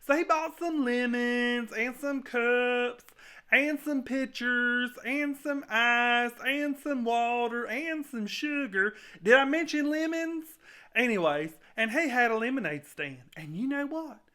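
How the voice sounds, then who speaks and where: A man's voice: very high voice, slow, pushed and bright, clean tone, heavily acted. A man playing a sheepish servant who rambles chattily through his story in a comedic skit interview, saying y'all. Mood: rambling. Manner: folksy, says y'all.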